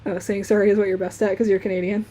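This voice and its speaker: A woman's voice: medium pitch, flat delivery, racing, dark tone. A young woman from Michigan with a Midwestern accent, chatting and laughing easily while she draws on a live stream. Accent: Midwestern American. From Michigan, USA. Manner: chatty, laughs often, talks while working. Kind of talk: casual chat while drawing on a live stream.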